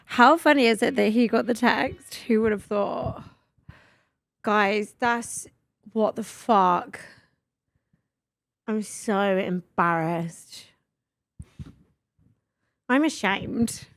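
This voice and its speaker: A young woman, hosting a podcast and telling stories in an animated, sweary way. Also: medium pitch, very slow, vocal fry, long pauses, no room sound. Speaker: podcast host. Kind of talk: casual chat.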